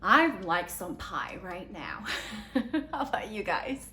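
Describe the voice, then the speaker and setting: A woman teaching a third-grade spelling lesson, slowly sounding out letters and giving encouraging praise. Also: medium pitch, very animated, pushed and bright. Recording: echoey room with faint ambience.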